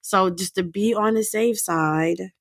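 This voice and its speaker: A woman therapist co-hosting a podcast, talking in a chatty, animated way with many fillers and frequent laughs. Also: mid-range voice, measured pace, dry recording. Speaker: therapist co-host. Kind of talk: casual podcast chat.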